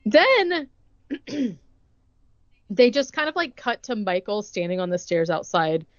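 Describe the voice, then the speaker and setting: A woman's voice: mid-range voice, big pitch swings, slow, dry recording, highs cut off. A young woman co-hosting a podcast, retelling a movie plot in casual chat, full of "like" and acted-out quotes. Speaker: podcast co-host recapping a movie.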